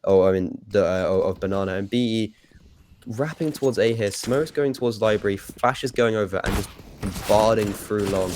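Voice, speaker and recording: A man's voice: fairly low pitch, normal speed, darkish tone, a little hiss or hum. A young man giving easygoing color commentary on a live esports match, with hesitant restarts and frequent laughs. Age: young adult.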